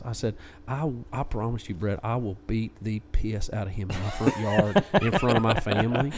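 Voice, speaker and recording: A man co-hosting a podcast, casually retelling a story and acting out what others said in lively quoted voices. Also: fairly low pitch, moderate pace, hardly any pauses, background noise. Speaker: podcast co-host.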